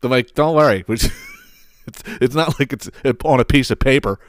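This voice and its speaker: At a moderate pace and in a mid-range voice, a middle-aged man from southeastern Pennsylvania rants alone on his podcast. His stories wander, swear freely, and are marked by frequent laughs and exasperation. The studio sound is clean and free of echo.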